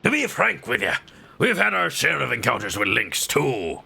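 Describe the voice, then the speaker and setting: A man voicing a gruff older male pirate captain who speaks slow, grave warnings while he reads game dialogue aloud. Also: mid-range voice, huge pitch swings, pushed and bright, full character voice.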